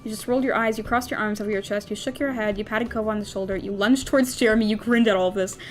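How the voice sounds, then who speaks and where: A woman's voice: medium pitch, steady tone, fast talker, faint music behind. A young woman playing a story game, reading it aloud with giggly, playful commentary as the host. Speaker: gamer streamer.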